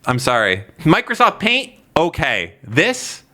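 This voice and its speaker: A man's voice: on the high side, wildly swooping pitch, slow, pushed and bright. A man co-hosting a podcast, chatting in a rambling, sarcastic, jokey way. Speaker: podcast co-host. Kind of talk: casual podcast chat.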